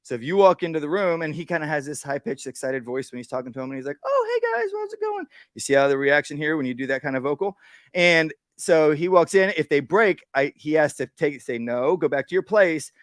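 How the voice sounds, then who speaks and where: A man with a slightly raised pitch teaches dog obedience at a live workshop, explaining each step plainly and often checking in with "right?". He breaks off now and then for brief, calm commands to the dog. The sound is dry and close, with no room echo. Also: quick pace. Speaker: dog trainer.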